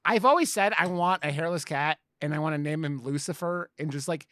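A man co-hosting a podcast in casual chat, excitable, swearing and laughing as he talks. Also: fairly high pitch, a little fast. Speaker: podcast co-host.

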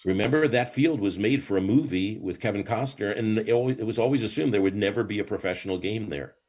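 An older man, a rabbi, telling stories in a podcast interview in an animated way, with many false starts. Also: lowish voice, fast, breathy edge.

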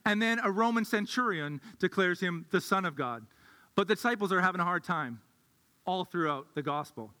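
High bright-voiced man preaching. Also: long reverb tail. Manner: conversational, thinks aloud with restarts. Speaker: pastor. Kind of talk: sermon.

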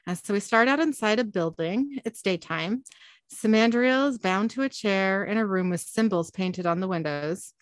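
A woman's voice: medium pitch, normal speed, no room sound. A woman co-hosting a podcast, giving a casual recap of a show's plot and laughing often. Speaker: podcast co-host.

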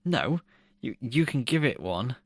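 A man's voice: medium pitch, sing-song, unhurried, no room sound, clean studio sound. A man co-hosting a podcast in casual chat, laughing often and swearing loosely. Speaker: podcast co-host.

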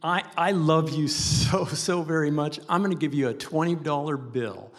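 A man's voice: a little high, moderate pace, voice pushed up, natural voice. A man doing a coaxing, patient dad. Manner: soothing, placating. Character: patient, coaxing father of a small girl.

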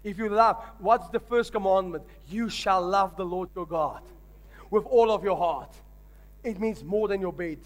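A man's voice: high voice, measured pace. A man, a pastor, preaching a sermon emphatically and calling on the congregation to respond.

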